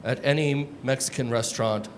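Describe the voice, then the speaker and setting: A man doing a stand-up comedy set on a club stage, deadpan, crude and self-mocking, on a handheld mic. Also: medium pitch, moderate pace. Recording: live stage mic with room noise.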